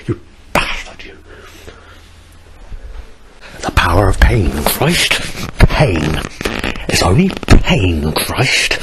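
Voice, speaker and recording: A man with a deep, low-pitched voice, rambling through a personal video diary. He is in pain and coughs between coarse, bitter outbursts. A faint hiss sits under his voice. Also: very animated, slow pace, long pauses. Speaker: vlogger.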